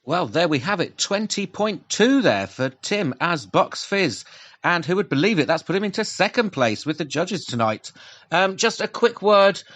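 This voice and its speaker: A man's voice: a little high, fairly bright tone, dry recording. A man hosting a talent show, making mock-serious scripted announcements between acts. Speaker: show host. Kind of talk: scripted comic presenting.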